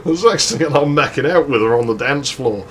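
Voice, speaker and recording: Rich: A man hosts a gaming video and tells a crude, rambling anecdote, chuckling as he goes. His voice sits at an ordinary mid pitch. A faint hiss sits under the recording. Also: expressive, normal speed, fairly bright tone. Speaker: gaming channel host. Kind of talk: casual storytelling over gameplay.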